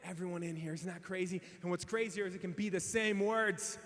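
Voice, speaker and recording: A man's voice: high-pitched, fairly quick. A man in his thirties giving a motivational speech, telling funny stories and acting out the voices of the people in them. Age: 30s. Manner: animated storytelling, acting out quoted voices. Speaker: keynote speaker. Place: large convention hall. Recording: echoey hall with long reverb.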